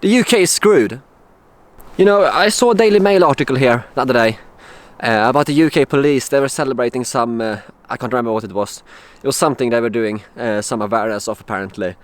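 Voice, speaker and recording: A young man from Sweden, telling a personal story in a casual vlog, halting with many fillers and restarts. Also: medium pitch. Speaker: vlogger.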